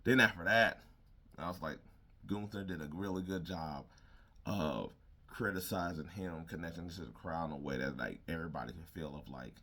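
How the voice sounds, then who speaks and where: A man with a deep, low-pitched voice talks through a wrestling episode in a loose, conversational way. He wanders from point to point and slips into quick impressions of the people he describes. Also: pushed and bright. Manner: rambling, acts out quotes of wrestlers. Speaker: wrestling show recap host. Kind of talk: casual recap commentary.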